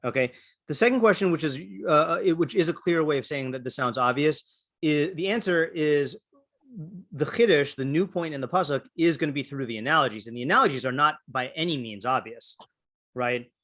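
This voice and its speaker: A man's voice: a little high, a little fast, a bit bright. A man teaching a Torah class, thinking aloud through many fillers and restarts while calling on students. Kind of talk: interactive Torah class discussion.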